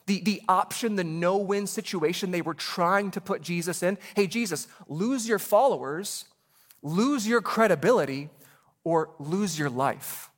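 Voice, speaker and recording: A man preaching a sermon as pastor, animated, acting out voices in the story with quick asides. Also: a little high.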